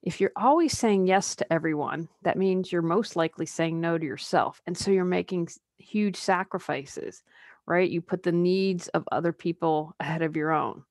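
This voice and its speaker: A woman's voice: fairly low pitch, normal speed, a little mellow, dry recording, studio quality. A woman life coach talking alone on her podcast in a conversational, candid way, with personal asides. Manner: conversational, drops into mocking put-on quotes. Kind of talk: solo podcast monologue.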